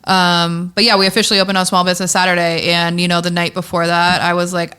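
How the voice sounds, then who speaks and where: Chatty woman with a smooth voice. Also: fairly low pitch, level tone, fast talker, hardly any pauses, pushed and bright. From Pittsburgh area. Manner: chatty, upbeat storyteller with frequent "like" and "um". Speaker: guest, candle shop owner. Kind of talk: casual podcast conversation.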